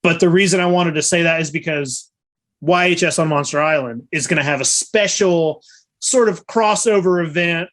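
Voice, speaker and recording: This is a man hosting a podcast in a loose, conversational way, sharing news and chatting with his co-host. His voice sits a little high for a man, and his tone stays easygoing. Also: moderate pace. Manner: friendly, relaxed, announces plans. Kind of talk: casual podcast chat.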